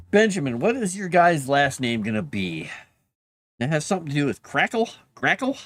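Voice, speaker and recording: A man writing live on stream, thinking out loud and talking gently to his dog. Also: medium pitch, huge pitch swings, moderate pace, pauses often, no echo. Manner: talks softly to his dog between musings. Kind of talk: casual live-stream chat.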